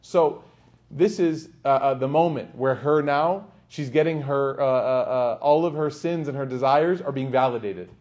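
A man giving a sermon to a live audience in a lecture hall, in an animated storytelling manner, acting out the quoted voices. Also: medium pitch, moderate pace. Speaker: Islamic lecturer.

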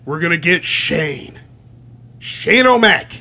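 A high-pitched man talks through a joke pitch in a casual comedy chat. He delivers it playfully, in a mock-serious tone. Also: animated, slow pace, gravelly, sharp tone.

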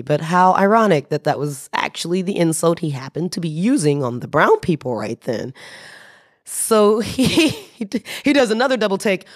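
A woman telling a story as a podcast guest, animated, laughing and restarting her sentences. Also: low-pitched, normal speed. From United States. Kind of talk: casual storytelling.

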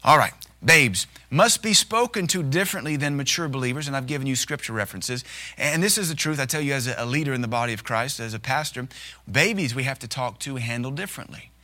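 Bright-voiced male pastor preaching. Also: mid-range voice, lively intonation, quick pace. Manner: folksy, humorous preaching with acted asides. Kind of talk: sermon.

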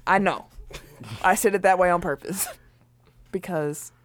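A woman co-hosting a casual podcast chat, talking loosely with lots of "like" and quick laughs. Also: on the low side, fairly even intonation, no echo. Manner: chatty, laughs often, says "like" a lot. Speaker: podcast co-host.

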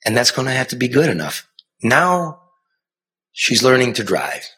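A middle-aged man, a former TV news reporter, telling a personal story in an earnest, conversational way, moving from hushed to impassioned. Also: medium pitch, animated, moderate pace. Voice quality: raspy. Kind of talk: earnest spoken storytelling and banter.

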